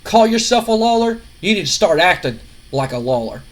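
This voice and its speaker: A man's voice: high voice, big pitch swings, brisk. A man voicing an older wrestling king who scolds and mocks his son. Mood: scornful. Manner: scolding, mocking, shouting.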